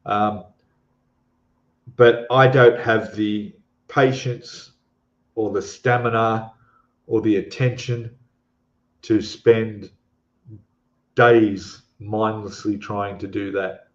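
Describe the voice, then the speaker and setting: Very slowly and with long pauses, a man with a fairly low, steady voice and an Australian accent chats casually on a live stream, reading comments. His rambling includes plenty of fillers and restarts, and the recording is echoey, dull, and lo-fi.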